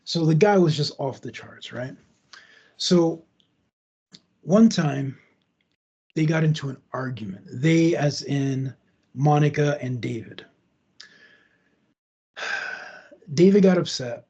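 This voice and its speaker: Gravelly dark-voiced man telling a story. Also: a little high, slow, long pauses, muffled recording. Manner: loose and conversational, retelling with asides. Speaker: podcast host. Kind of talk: casual true crime storytelling.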